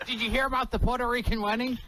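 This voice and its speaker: A man's voice: very high-pitched, little pitch movement, racing, crowd noise. A man who is a comedian, guesting on a radio show and firing off brash jokes in a radio studio. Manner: brash joke-telling and impressions.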